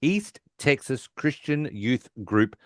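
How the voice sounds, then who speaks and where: A man's voice: mid-range voice, lively intonation, slow, no echo, studio quality. A man co-hosting a podcast, casually retelling scenes and acting out lines, with fillers. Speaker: podcast co-host. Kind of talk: casual recap chat.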